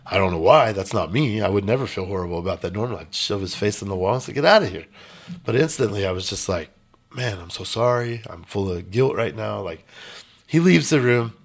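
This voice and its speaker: Man, low voice, gravelly fry, blunt, emphatic, casual storytelling guest. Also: lively intonation, quick pace. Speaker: podcast guest.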